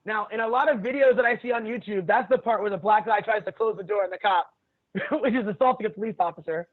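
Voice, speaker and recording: A man with a fairly high voice tells stories casually, blunt and often profane, laughing as he goes. The audio is narrow and tinny, like it came through a phone line. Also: fast. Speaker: jiu-jitsu instructor, podcast guest. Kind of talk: casual storytelling chat.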